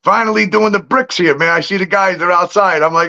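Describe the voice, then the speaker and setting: A man's voice: high voice, a little fast, creaky, highs cut off. A man telling street stories in casual livestream chat, swearing freely and laughing between lines. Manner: profane, animated storytelling with laughs. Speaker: livestream guest.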